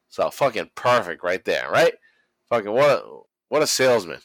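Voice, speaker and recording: A man's voice: lowish voice, sing-song, normal speed, gravelly, a bit bright, no room sound, rough recording. A man hosting a casual podcast chat, telling a story with lots of swearing and laughter. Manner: mimics people he quotes. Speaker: podcast host. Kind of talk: casual chat recapping wrestling.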